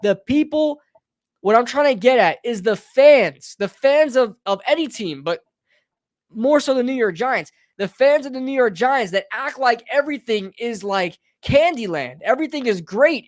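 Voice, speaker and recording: A man's voice: very high voice, lively intonation, moderate pace, dry recording, studio quality. A man hosting a live sports talk stream, ranting heatedly and often calling listeners bro and brother. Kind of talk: live fan rant.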